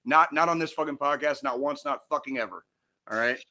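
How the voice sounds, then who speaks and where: A man co-hosting a veterans' podcast, ranting and swearing loudly through casual chat. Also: on the high side, fairly quick, a crowd in the background. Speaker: podcast co-host.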